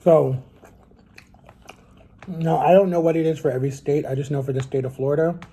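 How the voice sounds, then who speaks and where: A young man speaks in a husky, slightly rough voice with a soft, mellow tone. He talks casually and earnestly to his camera at home. His sentences ramble and restart as he works through his thoughts. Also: fairly high pitch, fairly even intonation, a little fast. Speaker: vlogger.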